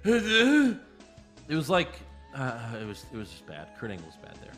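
A man co-hosting a casual wrestling recap podcast, blunt and profane, running through events with quick jokes. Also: on the low side, lively intonation, soft background music. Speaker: podcast co-host.

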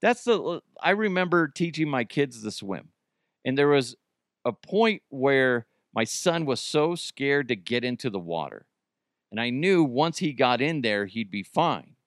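A man hosting a casual podcast, tossing out profane jokes and laughing as he talks. His pitch swoops up and down freely, and the recording is close and dry. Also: big pitch swings, measured pace, dry recording. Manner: joking, profane, laughs often. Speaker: podcast host.

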